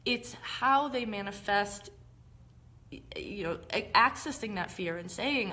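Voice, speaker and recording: A woman's voice: medium pitch, moderate pace, bright, forceful tone. Conversational woman explaining psychology. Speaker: host. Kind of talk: live-streamed teaching talk.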